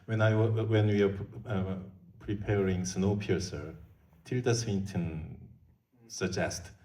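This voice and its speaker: A middle-aged man with a Korean accent answering questions at a film Q&A, switching between Korean and English, with laughs and halting restarts. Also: on the low side, steady tone, warm tone, slight background noise. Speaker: film director. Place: large theater hall. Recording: echoey hall, from far off.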